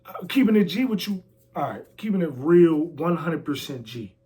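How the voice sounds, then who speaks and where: A man's voice: on the high side, big pitch swings, moderate pace, dark tone. A man talking casually in an interview, brash and boastful with lots of slang and trash talk. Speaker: interview guest, former pro wrestler. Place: a house.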